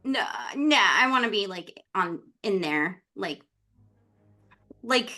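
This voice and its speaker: A woman's voice: mid-range voice, expressive, slow pace, sharp tone, soft background music. A woman player in a tabletop game, rambling with lots of fillers. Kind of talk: casual tabletop chat.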